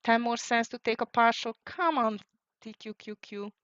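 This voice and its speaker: A woman's voice: fairly high pitch, normal speed, a bit bright, no room sound. Fretful woman calling live trades. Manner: fretful, thinking aloud, calling out prices. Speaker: live trading stream host. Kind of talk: live market commentary. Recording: dry, dull lo-fi sound.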